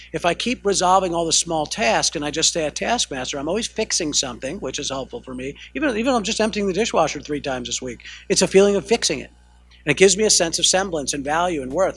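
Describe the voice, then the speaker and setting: An American counselor teaches a family training session to a live audience in a conversational lecture style, often checking in with "right?" and correcting himself mid-sentence. His voice is a little high, fairly bright and slightly rough, with no echo.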